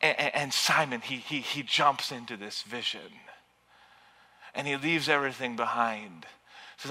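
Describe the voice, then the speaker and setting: A man preaching a sermon with passion, building to loud, urgent peaks. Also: medium pitch, measured pace, breathy edge. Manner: impassioned, rising to near shouting at peaks. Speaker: pastor. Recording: long reverb of a large hall.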